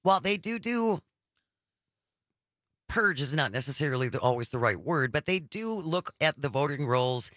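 A man's voice: on the high side, lively intonation, normal speed, fairly bright tone, no room sound, clean studio sound. A man co-hosting a political talk radio show, asking earnest questions in casual chat and restarting his sentences often. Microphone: studio microphone.

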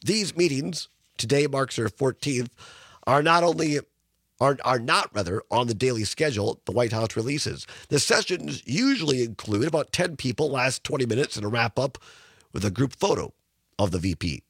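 Guy hosting a radio talk show, voice rough from a sinus infection, bit husky, close dry mic. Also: mid-range voice, lively intonation, normal speed, fairly bright tone, no room sound. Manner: rambling, chatty, reads news stories aloud. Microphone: studio microphone.

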